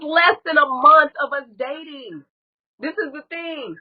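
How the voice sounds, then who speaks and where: A woman's voice: sits high, measured pace, lo-fi sound. A woman as a guest on a live stream, telling a painful personal story in a candid, blunt way and swearing often.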